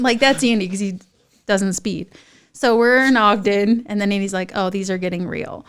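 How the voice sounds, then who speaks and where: A young woman, a podcast guest telling a funny story in a lively, animated way and acting out other people's voices. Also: a little fast. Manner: lively, acts out voices of others in high excited tones. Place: podcast studio.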